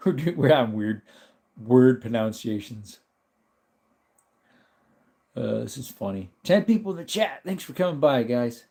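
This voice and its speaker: A man's voice: mid-range voice, measured pace, vocal fry, long pauses. Laid-back American man chatting on a live stream. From United States. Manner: relaxed, chatty, reads chat aloud and laughs often. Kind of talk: casual live stream chat.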